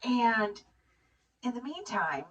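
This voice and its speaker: A woman's voice: on the high side, takes it slowly, slightly rough, dull audio. A middle-aged woman in casual chat, rambling through a movie story and acting out the characters' lines. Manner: rambling, animated storytelling with acted-out quotes. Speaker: co-host recapping a movie. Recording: distant mic with hiss.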